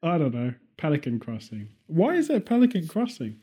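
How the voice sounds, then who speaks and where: A man's voice: a little high, huge pitch swings, a little fast, warm tone, breathy edge. An English man hosting a podcast, chatting casually with rambling, playful jokes and tangents. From England. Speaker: podcast host.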